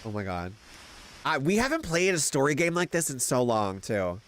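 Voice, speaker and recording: A man streaming a story game, chatting casually with viewers and reacting excitably, laughing and swearing. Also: mid-range voice, normal speed, slight background noise. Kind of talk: casual gaming stream chat.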